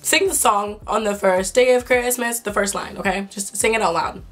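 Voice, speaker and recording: A young woman talking to her camera with excitable disbelief, her throat a little sore. She swears freely and speaks in a mid-range voice, with faint music in the background. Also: mid-range voice, moderate pace. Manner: excitable, swearing, laughing, incredulous. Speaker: vlogger. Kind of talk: casual chat to camera.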